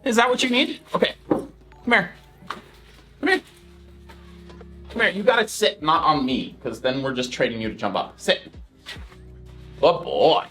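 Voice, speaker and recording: A woman's voice: low voice, lively intonation, measured pace, long pauses, a bit bright, faint music behind. A woman chatting casually on a live stream, gushing thanks to viewers and coaxing her dog.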